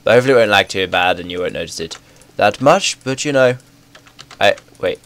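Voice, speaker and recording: Excitable young man with a cold. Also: lowish voice, brisk. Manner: excitable, rambling, self-correcting. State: stuffy with a bad cold. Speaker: gaming YouTuber. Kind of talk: casual game commentary.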